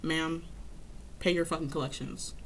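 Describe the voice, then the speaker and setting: A young woman in casual chat, telling an animated, swearing story about her library desk job and acting out callers in a high voice. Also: normal speed, slight background noise. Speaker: library circulation desk worker.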